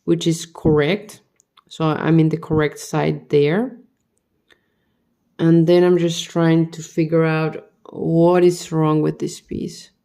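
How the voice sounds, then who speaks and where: A woman's voice: sits low, flat delivery, takes it slowly, dark tone. A tired woman vlogger talking to herself as she builds a model kit, muttering the same questions over and over. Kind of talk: casual talk while building.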